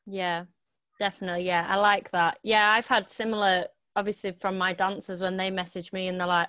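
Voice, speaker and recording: Woman interviewer, dance teacher, mid voice, relaxed questions, dry room. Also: medium pitch, brisk, no echo. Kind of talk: casual interview.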